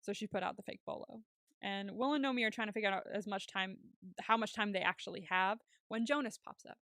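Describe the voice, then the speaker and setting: A woman's voice: mid-range voice, brisk, fairly bright tone, no echo. Chatty woman podcast host, dry sound. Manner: chatty, laughs often, casual swearing. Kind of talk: casual TV recap chat.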